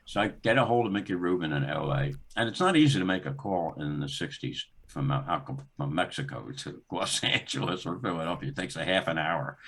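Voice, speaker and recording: A man's voice: brisk, few pauses, husky. An older man, a guest on a talk show, telling a long story in conversation, acting out the dialogue as he goes. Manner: animated, acts out dialogue in the story with rising pitch and laughter. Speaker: guest, former sports executive.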